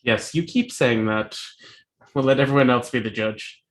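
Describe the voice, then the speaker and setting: A man's voice: medium pitch, normal speed. A man playing a tabletop role-playing game, talking casually in a dry, teasing way. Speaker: player.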